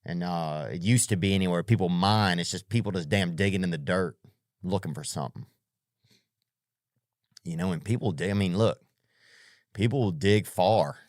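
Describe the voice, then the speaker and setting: Male comedian, podcast monologue, rambling and profane, low-ish voice, dry sound. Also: moderate pace, pauses often, a little mellow, dry recording. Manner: profane, rambling, full of restarts and tangents; slangy.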